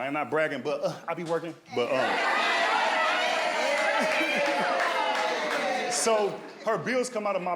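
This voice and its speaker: A young man doing stand-up, telling a family story in a lively way and tagging his lines with "right?" and "dog". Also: fairly low pitch, a little hiss or hum. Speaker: stand-up comedian. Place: comedy stage.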